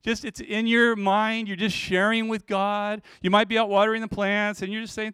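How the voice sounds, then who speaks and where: High, smooth-voiced man preaching a sermon. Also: flat delivery, moderate pace, hardly any pauses, no echo, studio quality. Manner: conversational preaching, acting out prayers in a soft voice. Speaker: pastor.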